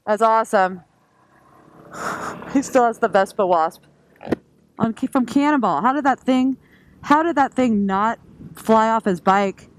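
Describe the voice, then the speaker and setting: A woman's voice: medium pitch, poor audio. A woman vlogging from her scooter, chatting in a rambling way and laughing often. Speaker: motovlogger. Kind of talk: casual chat while riding. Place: on a scooter on the road outdoors. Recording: road and wind noise. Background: traffic and engine noise.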